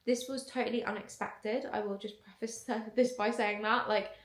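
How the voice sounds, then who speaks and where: Young woman, chatty vlog storytelling, gravelly fry, roomy echo. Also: mid-range voice, steady tone, normal speed. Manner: chatty, many "like" fillers. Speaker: content creator. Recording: echoey room.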